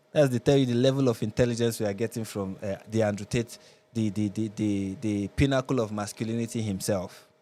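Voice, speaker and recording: A man's voice: lowish voice, steady tone, moderate pace, mellow. A Nigerian man hosting a live reaction show, commenting with sarcasm and exasperation.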